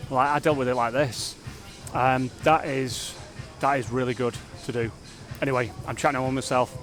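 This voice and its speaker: A man of medium pitch chats to camera about his training, energetic and a little rambling, often circling back on his own words. He sounds self-reflective and open, like a vlogger, with faint music playing behind him. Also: normal speed. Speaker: fitness vlogger. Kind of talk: casual vlog talk to camera.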